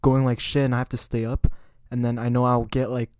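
A young man talking freely on a student podcast, his voice sitting at an ordinary middle pitch. He fills his sentences with casual fillers, and the sound is dry and close in a residence room. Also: flat delivery, a little fast, darkish tone, smooth, no room sound. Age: young adult. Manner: chatty, leans on filler "like". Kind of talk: casual chat.

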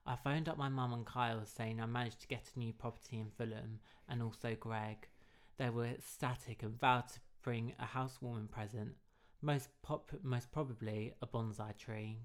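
A man's voice: medium pitch, steady tone, normal speed. A man hosting a comedy podcast, reading a story aloud and breaking off into cheeky banter with swearing.

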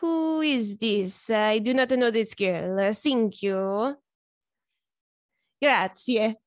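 A woman putting on a clueless young Italian man with a mock Italian accent and halting, broken English. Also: fairly high pitch, no echo, studio quality. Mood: playing dumb.

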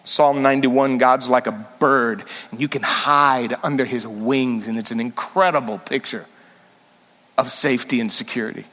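A man preaching a sermon as senior pastor, animated and emphatic, sometimes rising suddenly loud. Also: medium pitch, moderate pace, long reverb tail.

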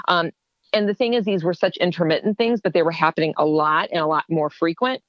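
A woman's voice: fairly low pitch, a little fast, no room sound, dull audio. A woman guest telling her personal story in an interview, acting out what people said to her. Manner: animated, acts out quoted dialogue.

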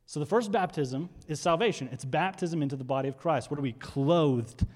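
Fired-up male pastor in a reverberant hall. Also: fairly high pitch. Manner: energetic, fired up, quick asides. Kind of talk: sermon.

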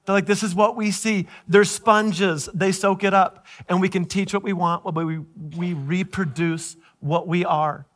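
A middle-aged man, a pastor, telling a family story in sermon style, animated and laughing as he acts out the voices in it. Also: high voice, unhurried, hardly any pauses.

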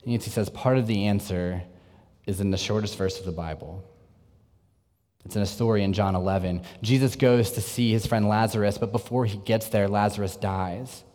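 Male preacher, lowish register, earnest sermon delivery with quiet intense drops, long hall reverb. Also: moderate pace. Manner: earnest preaching, swings from energetic to hushed and intense.

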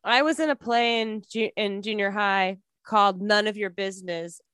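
A woman's voice: mid-range voice, moderate pace, a bit bright, clear, resonant tone, no echo, clean studio sound. A woman from Michigan, a podcast guest, chatting and telling stories with frequent laughs. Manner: laughs often, chatty storyteller. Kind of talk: casual chat.

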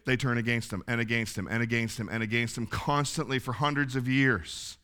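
Bright-voiced folksy male pastor. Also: medium pitch, fairly even intonation, brisk, clean tone. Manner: folksy storytelling, chuckles often. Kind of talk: sermon.

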